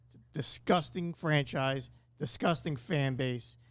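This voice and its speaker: A man's voice: on the high side, measured pace, fairly bright tone, dry recording. A man on a sports podcast panel giving an angry, indignant rant.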